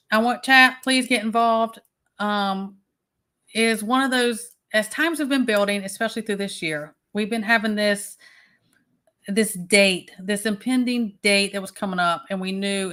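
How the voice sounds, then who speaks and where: A woman's voice: medium pitch, fairly bright tone. A woman hosting a casual livestream, chatting and greeting viewers one by one by name. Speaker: livestream host.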